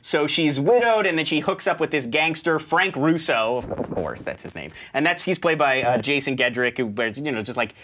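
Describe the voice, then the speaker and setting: A man's voice: fairly high pitch, animated, fairly bright tone, a little hiss or hum. Sarcastic joking male movie reviewer. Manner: sarcastic, joking, quick asides. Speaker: show host reviewing movies. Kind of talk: casual comedic movie review.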